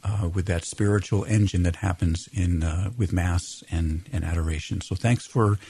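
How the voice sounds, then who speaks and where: A man speaking on a radio talk show in a measured, reflective way. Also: deep voice, fairly even intonation, dark tone, slightly rough.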